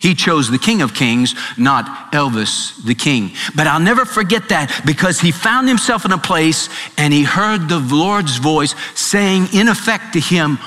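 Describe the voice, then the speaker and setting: A man's voice: on the high side, lively intonation, moderate pace, few pauses, fairly bright tone. A man preaching a sermon, telling a story with emphatic, shifting delivery. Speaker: pastor. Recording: long hall reverb, faint music.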